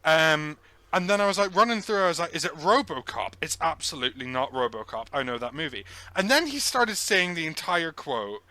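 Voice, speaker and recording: A man playing a podcast film quiz, animated and pleading, proud of his own reasoning. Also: on the high side, a little fast. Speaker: podcast co-host, quiz player. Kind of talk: casual podcast chat.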